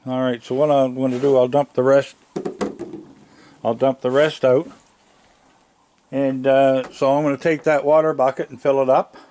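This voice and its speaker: An older man, chatting casually outdoors at his house, plainspoken, coaxing the animals gently as he talks. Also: medium pitch, level tone, normal speed, long pauses, slight background noise. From Nova Scotia, Canada. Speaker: wildlife vlogger. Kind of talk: casual talk while feeding raccoons.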